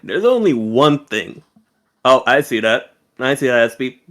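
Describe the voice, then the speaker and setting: A man's voice: mid-range voice, big pitch swings, unhurried, a bit bright. A man guest on a livestream, chatting casually with a teasing, drawling delivery that gets compared to a narrator's. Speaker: guest streamer.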